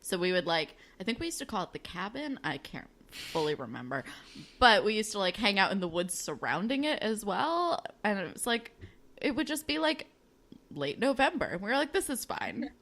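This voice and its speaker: A young woman co-hosting a podcast in easy, casual chat. She strings her stories together with "like", her pitch leaps around, and her tone is bright. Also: moderate pace. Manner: chatty, heavy use of filler "like", animated retellings. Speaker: podcast co-host.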